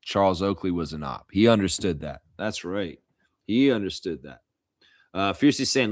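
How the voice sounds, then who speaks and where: Low-voiced man chatting on a stream. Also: animated, normal speed, darkish tone, no echo, studio quality. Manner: jokey, rambling, laughs at own jokes. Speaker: live stream host. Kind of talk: casual live stream chat, reading comments.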